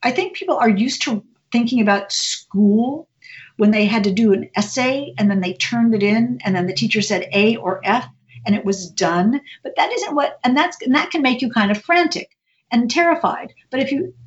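A woman author and former reporter talking about writing in a casual interview, in an animated, chatty way with many restarts. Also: a little high, normal speed, muffled recording.

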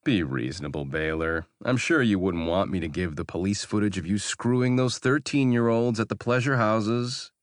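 A man's voice: lowish voice, moderate pace, hardly any pauses, dry recording, clean studio sound, close to an everyday voice. A man voicing a hard, cool-headed male operative in an audiobook, with clipped, controlled delivery. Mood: tense. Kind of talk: audiobook character voice.

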